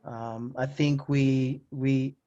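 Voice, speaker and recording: A man's voice: medium pitch, little pitch movement, very slow, dark tone, lo-fi sound, faint music behind. A man hosting a panel forum who speaks hesitantly, with frequent ums. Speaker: forum host. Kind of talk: moderating a panel discussion.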